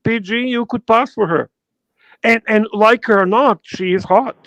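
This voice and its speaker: High-voiced man teasing on a podcast. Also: a little slow, fairly bright tone, no room sound, lo-fi sound. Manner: teasing, playful, joking. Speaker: co-host. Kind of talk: casual podcast banter.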